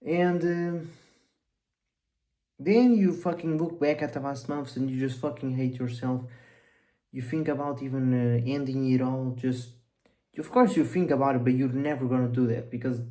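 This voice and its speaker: A man's voice: mid-range voice, fairly even intonation, normal speed, mellow, poor audio. A young man giving a blunt, profane motivational monologue as a coach, rambling and intense.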